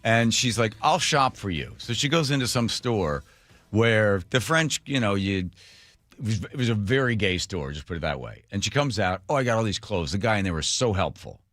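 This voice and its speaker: Animated, bright-voiced man hosting talk radio. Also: normal speed, no echo. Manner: animated storyteller, acts out quotes in a high voice, laughs a lot. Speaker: radio talk show host. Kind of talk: casual talk radio banter. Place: radio studio. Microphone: studio microphone.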